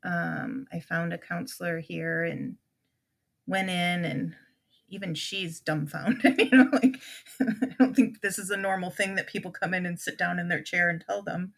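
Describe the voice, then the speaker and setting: A woman's voice: fairly low pitch, a little slow, creaky. A middle-aged woman, a podcast guest, telling an emotional personal story with many restarts and quoted conversations.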